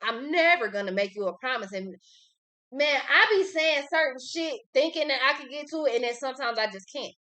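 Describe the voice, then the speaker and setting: A woman's voice: high-pitched, lively intonation, fairly quick, bright, forceful tone. Blunt, profane woman reading tarot. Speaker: tarot reader. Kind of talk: casual tarot reading monologue.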